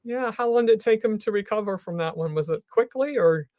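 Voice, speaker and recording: A woman's voice: mid-range voice, lively intonation, brisk, warm tone, no room sound, muffled recording. A woman hosting a live interview show, supportive, reading out viewer comments and prompting her guest with fillers. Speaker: talk show host.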